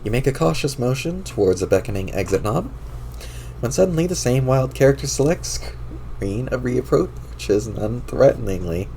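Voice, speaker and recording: A man's voice: mid-range voice, lively intonation, moderate pace, gravelly, dark tone, slight background noise. A man reading a webcomic aloud on a stream, in a wry, amused way with his own asides. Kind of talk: casual read-aloud narration.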